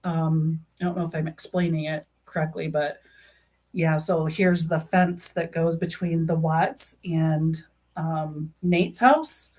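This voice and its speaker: A woman streaming live, talking in a loose, rambling way packed with "um" and "you know". Her voice sits a little low for a woman. She sounds earnest and emotionally invested as she chats. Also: steady tone, slow, a little mellow. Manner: rambling, heavy fillers and restarts. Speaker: YouTube true crime streamer. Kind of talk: casual live-stream chat.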